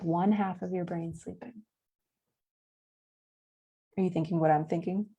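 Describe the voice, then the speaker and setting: A woman's voice: on the low side, a little mellow. A young woman, a nature camp educator, giving a chatty, playful live-streamed science lesson for children from home, laughing at her own jokes.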